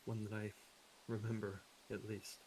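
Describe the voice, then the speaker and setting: A man voicing a guarded young woman adventurer who speaks hesitantly and softly in a tabletop game. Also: lowish voice, flat delivery, normal speed, slight background noise, close to an everyday voice, low-quality recording. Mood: somber. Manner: hesitant, soft-spoken. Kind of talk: tabletop role-play.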